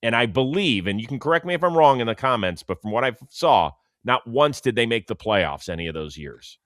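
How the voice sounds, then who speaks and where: A man co-hosting a casual sports talk show, animated and sarcastic, often dropping into mocking quotes. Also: medium pitch, a little fast, no room sound, studio quality. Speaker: co-host.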